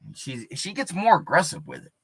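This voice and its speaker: A man telling a vulgar story in a crude, animated way, showing moves with his hands. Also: on the high side, a little fast, gravelly, slightly rough. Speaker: streamer.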